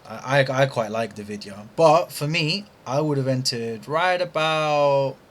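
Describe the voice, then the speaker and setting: A man's voice: medium pitch, lively intonation, unhurried. A young British man talking through live trades with slangy, frustrated asides to himself. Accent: British English. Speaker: trading streamer. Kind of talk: live trading commentary.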